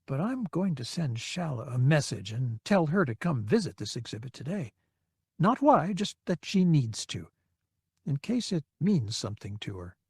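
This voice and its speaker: A man playing a pilot who speaks in a hushed, half-whispered mutter, dryly amused. His voice is close and dry. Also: fairly high pitch, sing-song, normal speed, gravelly, breathy edge, dry recording, full character voice. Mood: hushed, wry. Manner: hushed, under the breath. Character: male pilot muttering privately, wry.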